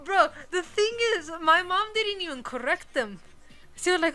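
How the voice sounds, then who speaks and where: A woman's voice: very high-pitched, normal speed, rough recording. A young woman chatting casually while she draws, telling a long family story with lots of swearing and laughter. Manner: animated, profane, laughs through her stories. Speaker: artist streaming a drawing session.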